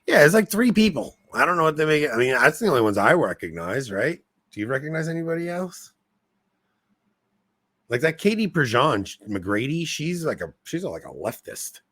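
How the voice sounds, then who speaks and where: A man hosting a podcast in casual chat, animated, laughing at himself and restarting his sentences. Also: fairly high pitch, moderate pace, no echo. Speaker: podcast host.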